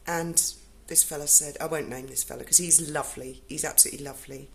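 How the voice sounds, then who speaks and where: A woman's voice: sits low, fairly even intonation, fast talker, vocal fry, a bit bright, slight background noise. A woman, telling a personal story in casual speech, emotional and blunt and swearing freely.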